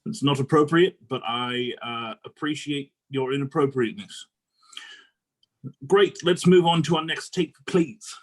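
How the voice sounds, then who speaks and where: A man's voice: fairly high pitch, measured pace, low-quality recording. A man in an improv comedy scene playing a hesitant, politely fussy male casting director. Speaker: improv performer.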